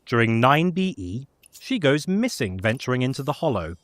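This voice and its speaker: A man talks through a video game's backstory in a loose, chatty way, full of fillers and asides. His voice sits at a middling pitch, relaxed and conversational. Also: normal speed, dry recording. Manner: chatty, many fillers and laughs. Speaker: gaming lore presenter. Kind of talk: casual lore recap chat.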